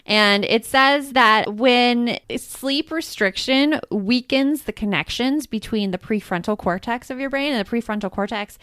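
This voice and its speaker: A woman co-hosting a podcast in casual chat, talking in an expressive, laughing way. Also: a little high, measured pace, hardly any pauses, clean tone, dry recording, clean studio sound. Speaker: podcast co-host.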